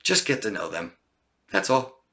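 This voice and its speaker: A man's voice: fairly low pitch, animated, a little slow, bright, forceful tone. A man coaching on a live stream who reads out viewer comments and answers them emphatically, often tagging lines with "okay?". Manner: emphatic, repeats lists of words and asks "okay?". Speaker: relationship coach.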